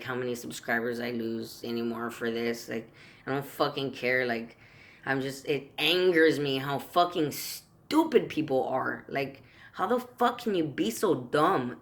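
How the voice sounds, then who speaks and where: A man's voice: mid-range voice, a bit bright. Fiery, foul-mouthed male vlogger ranting. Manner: heated, swears constantly, repeats himself while searching for words. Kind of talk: profane political rant to camera.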